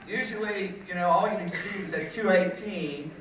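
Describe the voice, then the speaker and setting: A man's voice: high voice, normal speed, noisy background. Older man teacher doing stand-up in an echoey hall. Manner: storytelling, mock-indignant. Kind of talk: stand-up comedy routine. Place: school auditorium stage. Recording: echoey hall, distant mic.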